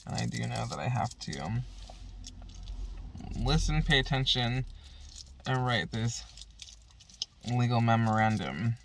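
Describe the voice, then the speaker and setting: A woman's voice: a bass voice, lively intonation, a little slow, gravelly, pauses often, a little hiss or hum. A woman vlogger in a casual, profanity-heavy rant, talking frustratedly while smoking at home.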